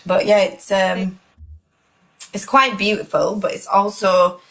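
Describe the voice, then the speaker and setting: A woman's voice: mid-range voice, fairly even intonation, normal speed, fairly bright tone, low-quality recording. A woman, emotional and close to tears, talking earnestly and reflectively as a guest in a heartfelt conversation.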